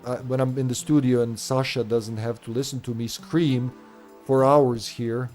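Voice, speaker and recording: A man's voice: medium pitch, little pitch movement, normal speed, a little mellow, faint music behind. A man from Serbia, streaming a retro game in casual, rambling, profane commentary, laughing often.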